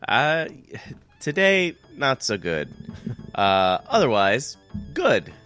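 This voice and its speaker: A man's voice: mid-range voice, big pitch swings, takes it slowly, fairly bright tone, clear, resonant tone. A man co-hosting a video game music podcast, stuffed up with a cold, with a dry sense of humor. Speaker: podcast co-host. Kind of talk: casual chat.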